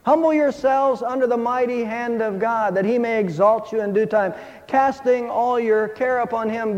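A man's voice: sits high, vocal fry, darkish tone. A man preaching a sermon, telling a fable in an earnest, emphatic way. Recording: dull hall reverb.

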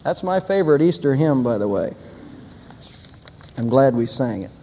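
A man's voice: medium pitch, sing-song, moderate pace, dark tone, in a large hall, a little hiss or hum. An older man preaching an Easter sermon as pastor, telling stories and building to emphatic declarations.

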